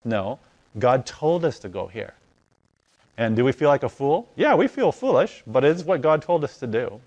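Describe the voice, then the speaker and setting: A man recounting a personal story in conversation with a lively, theatrical delivery. He acts out both sides of the dialogue, climbing loud and high and then dropping to a hush. His voice sits at a middle pitch. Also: normal speed, dull audio. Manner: animated, acts out dialogue with voice rising and falling. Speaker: guest telling a testimony.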